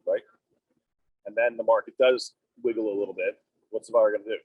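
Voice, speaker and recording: A man's voice: steady tone, brisk, breathy edge, no echo. A man, a real estate broker, coaching his team in a meeting with leading questions. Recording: muffled low-fidelity audio.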